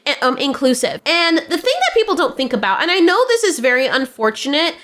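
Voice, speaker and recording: High-voiced blunt woman commentator. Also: big pitch swings, a little fast, a bit bright. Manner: blunt, sarcastic, laughs often. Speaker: commentary host. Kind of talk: opinionated commentary.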